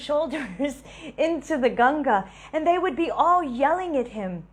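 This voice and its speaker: A woman giving a devotional talk, telling lively stories and laughing between them. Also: high-pitched, unhurried. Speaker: devotional speaker.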